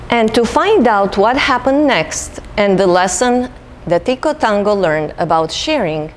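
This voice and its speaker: A woman's voice: mid-range voice, big-room sound. A woman librarian leading a children's storytime, reading aloud and asking young listeners questions.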